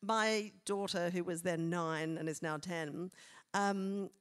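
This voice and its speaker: A woman's voice: lowish voice, steady tone, takes it slowly, smooth. Rambling woman co-host. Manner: chatty, rambling, with many fillers and self-interruptions. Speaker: podcast co-host. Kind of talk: casual chat on stage. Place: theatre stage, live show.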